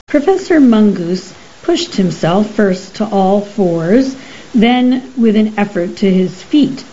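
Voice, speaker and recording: A woman narrating an audiobook in a measured, even storytelling manner. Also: medium pitch, lo-fi sound, a little hiss or hum.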